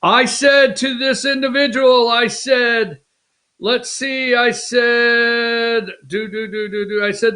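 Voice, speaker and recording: High-voiced rambling male talk show host. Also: steady tone, slow pace, pushed and bright. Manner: rambling, mocking, off-the-cuff. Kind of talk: casual political commentary.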